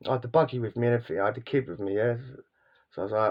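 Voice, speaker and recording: A man's voice: mid-range voice, animated, racing, lo-fi sound. A man vlogging, telling casual stories in a rambling, slangy way with lots of repeats and restarts. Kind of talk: casual storytelling monologue.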